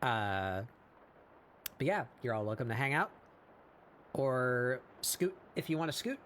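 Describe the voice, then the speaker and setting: A man hosting a casual art live stream, hoarse after hours of talking, rambling with fillers and laughs. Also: mid-range voice, very animated, measured pace, fairly bright tone, slight background noise. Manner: rambling and self-deprecating, with frequent fillers and laughs. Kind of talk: casual live-stream chat while drawing.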